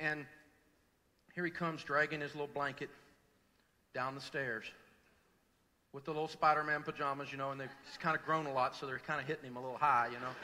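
A middle-aged man preaching a sermon, telling a personal story with swings from loud to hushed. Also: fairly high pitch, in a large hall. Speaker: pastor. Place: large church hall.

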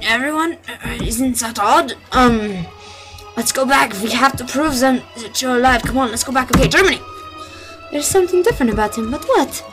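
A high-pitched woman reads a game's dialogue aloud in a melodramatic, voice-acting way and keeps breaking into laughter between lines. Loud game music plays steadily behind her voice. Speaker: let's play gamer voicing game dialogue.

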